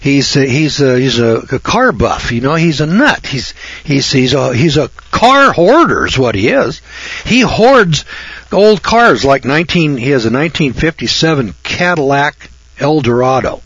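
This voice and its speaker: A man's voice: medium pitch, sing-song, measured pace, fairly bright tone, slightly rough, dry recording, dull audio. A man hosting a radio talk show, ranting in a folksy, sarcastic monologue that rambles and often restarts.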